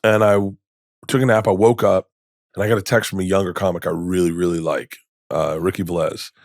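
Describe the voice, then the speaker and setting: A man in his fifties, a comedian guest telling stories in a podcast interview, rambling and animated, acting out quoted lines with many restarts. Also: deep voice, brisk, dry recording, clean studio sound. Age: 50s. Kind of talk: candid storytelling in conversation. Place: podcast studio.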